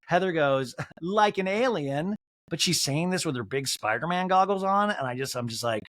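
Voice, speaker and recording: A male podcast host who recaps television in a joking, animated way and slips into voices for the quotes. His voice sits fairly high for a man and swings widely in pitch. The recording is dry and close, with no room sound. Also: fairly quick, no echo. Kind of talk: comedic TV recap.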